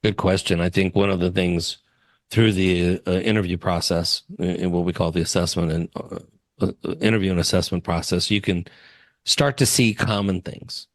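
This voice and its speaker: A man's voice: sits low, fairly even intonation, normal speed, dry recording. A man who works as a wealth advisor, chatting in an interview and telling stories with easy laughs. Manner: chatty storyteller, laughs easily. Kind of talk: casual interview chat.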